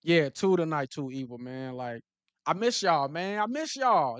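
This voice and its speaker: Animated man riffing on football. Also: fairly high pitch, a little slow, smooth, no echo. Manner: animated, repetitive restarts and slang. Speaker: football talk show host. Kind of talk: casual sports commentary to live viewers.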